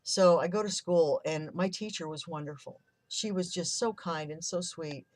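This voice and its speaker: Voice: medium pitch, moderate pace, dry recording. A person in their fifties telling a painful childhood story candidly and emotionally, swearing now and then. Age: 50s. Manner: candid and emotional, swears, acts out remembered quotes. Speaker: vlogger sharing a personal story.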